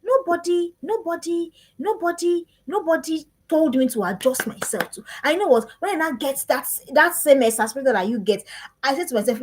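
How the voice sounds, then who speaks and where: A woman's high-sitting, animated voice, a little mellow and at normal speed, carries an earnest live-streamed parenting talk in which she repeats her questions with a preaching cadence. The audio is poor.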